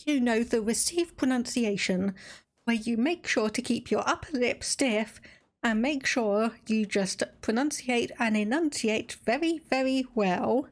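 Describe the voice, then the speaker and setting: A woman with an Estuary English accent from England speaks at a measured pace in a slightly high voice. Streaming a strategy game, she chats casually, laughs and reads the game text aloud as live commentary.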